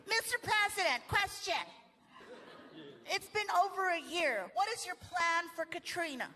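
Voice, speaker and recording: A male comedian voicing an eager woman reporter who shouts a question at a press conference on a comedy club stage. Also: extremely high pitch, unhurried, long reverb tail, pitched above the performer's own voice, full character voice. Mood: urgent.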